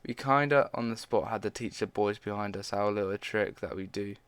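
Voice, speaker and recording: A man with a lowish voice reads a fan story aloud in a relaxed, casual way. He trips over words now and then and breaks off for quick asides of his own. The sound is dry and close, with no room around it. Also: clear, resonant tone, no echo. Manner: reads with frequent stumbles and side comments. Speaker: fan fiction reader.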